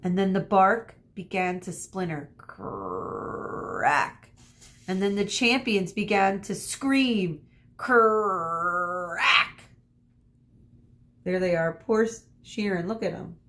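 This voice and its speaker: A woman teacher reading a chapter book aloud to children, expressive, stopping for asides to her listeners. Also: medium pitch, slow pace.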